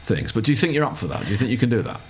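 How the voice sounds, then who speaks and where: A man's voice: medium pitch, big pitch swings, racing, husky. A middle-aged man hosting a radio chat show, who talks casually and playfully, likes fancy words and leads a light quiz game.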